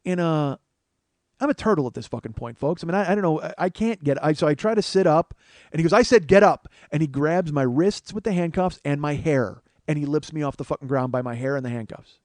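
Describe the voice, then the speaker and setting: A man in his forties telling a profane, animated comic story on his podcast. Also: a little high, no room sound. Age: 40s. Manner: profane, animated, quick asides. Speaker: comedian podcast host. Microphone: studio microphone he adjusts.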